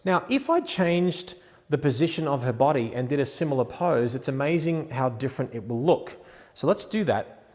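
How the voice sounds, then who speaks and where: A man teaching wedding photography posing, talking through each adjustment while gently directing a model. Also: mid-range voice, expressive, moderate pace, big-room sound.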